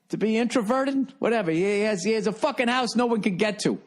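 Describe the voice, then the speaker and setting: A man's voice: high-pitched, moderate pace, pauses often. A man hosting a comedy podcast, ranting in a profane, rambling monologue. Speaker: podcast host.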